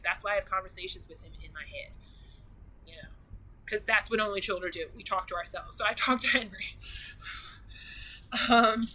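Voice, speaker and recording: A woman's voice: mid-range voice, bright, forceful tone, low-quality recording. A woman vlogger chatting casually and gushingly, rambling with many restarts. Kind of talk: casual chat.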